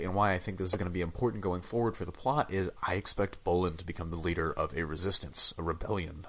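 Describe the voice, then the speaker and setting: This TV show reviewer is a young man with a low-pitched, fairly bright voice that sounds ill. He talks through an episode casually and rambles, with plenty of fillers and restarts.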